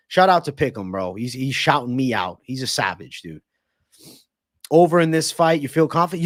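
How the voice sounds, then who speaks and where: A man's voice: medium pitch, no room sound. A male livestream host breaks down fights and riffs with his chat in a loose, profane, hyped way. His voice sits in a middle register. The sound is dry and close, with no room around it. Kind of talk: live-streamed fight predictions and chat.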